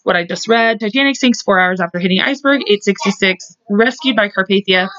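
A woman's voice: medium pitch, a little fast, fairly bright tone. A woman co-hosting a podcast, reading out history notes with chatty asides. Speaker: podcast co-host. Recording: dull lo-fi podcast audio.

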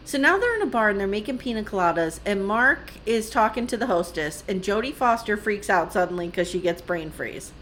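A woman's voice: medium pitch, lively intonation, brisk, hardly any pauses, fairly bright tone, slight background noise. A woman co-hosting a podcast, recapping a reality show in casual chat, blunt and swearing, laughing often. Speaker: podcast co-host.

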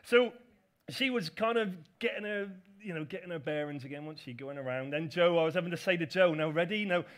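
Man, pastor, high voice, chatty sermon storytelling, self-deprecating asides. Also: fairly quick.

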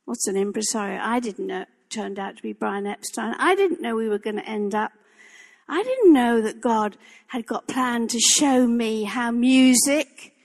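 A woman's voice: a little high, long reverb tail. An older woman preaching a sermon in a church, impassioned and emphatic, repeating her phrases for weight.

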